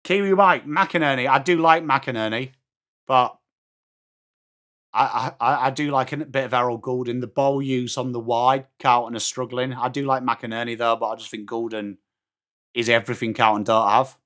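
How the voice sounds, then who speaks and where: A man's voice: mid-range voice, moderate pace, a bit bright. An English man hosting a live match watchalong, chatting casually and answering viewer comments while calling the play. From England. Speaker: watchalong host. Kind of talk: live stream chat.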